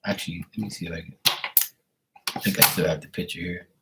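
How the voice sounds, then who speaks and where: A man with a somewhat low-pitched voice talks loosely and warmly to his viewers on a live stream. He greets people by name at an easy pace from his home. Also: fairly even intonation, fast talker, vocal fry, heavy background noise. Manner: greets viewers by name, affectionate and laid-back. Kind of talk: casual live-stream chat.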